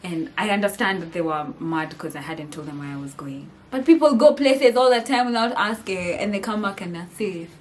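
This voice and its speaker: Animated young Kenyan woman vlogger. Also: medium pitch, fairly quick, hardly any pauses, a little hiss or hum. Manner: animated, mixing English and Swahili slang, laughing often. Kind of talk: casual storytime vlog.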